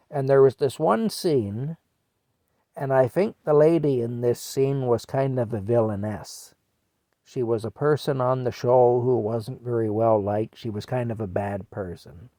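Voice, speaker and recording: A man's voice: mid-range voice, mellow, no room sound. A man casually telling a childhood story, chuckling often in a rambling, conversational way.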